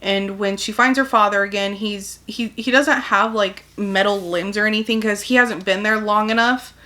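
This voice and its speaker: A woman talks through a novel's story for her viewers, chatty and loose, leaning on "like" between thoughts. Her voice is bright and forward, at a middle pitch for a woman. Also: steady tone, moderate pace. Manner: chatty, peppered with "like", acts out quotes. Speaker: book reviewer. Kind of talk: casual plot summary.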